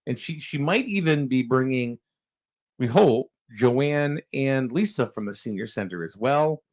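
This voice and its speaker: A man's voice: medium pitch, lively intonation, a little slow, a little mellow. A man hosting a casual local morning radio show, rambling with fillers and chuckling as he talks.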